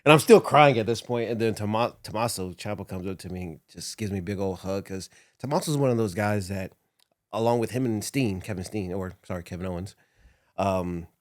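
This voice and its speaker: A man's voice: lowish voice, a little fast, no room sound, clean studio sound. A man, a former wrestler, recalling his career in a casual interview, laughing often as he talks. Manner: laughs often, emotional recollection. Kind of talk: casual storytelling.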